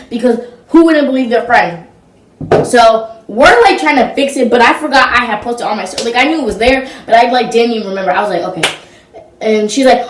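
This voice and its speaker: A woman's voice: fairly high pitch, lively intonation, fairly quick, recorded from a distance, slight background noise. A young woman telling a casual storytime to her channel, chatty and full of "like" and "blah, blah.". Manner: chatty, filler-heavy, fills gaps with blah blah. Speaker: vlogger. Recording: roomy echo, voice set back from the mic.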